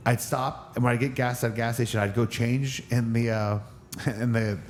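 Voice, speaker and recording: A man's voice: medium pitch, fairly even intonation, moderate pace, a little hiss or hum. A man in his forties from Northern California, a wrestler telling stories as a podcast guest, rambling with many restarts, nursing an injured knee. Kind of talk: casual podcast interview.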